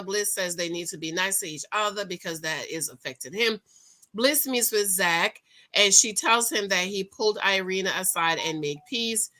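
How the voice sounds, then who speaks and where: A woman with a bright, forceful voice runs through a reality-show episode in a casual recap. She is chatty and emphatic, talks straight to her viewers, and flares into loud, excited outcries. Her pitch sits mid-range for a woman.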